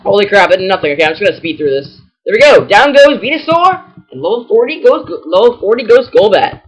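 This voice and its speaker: A man giving let's play commentary on a game, excitable, rambling and self-deprecating. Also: sits high, fast, slightly rough, highs cut off. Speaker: gaming channel host.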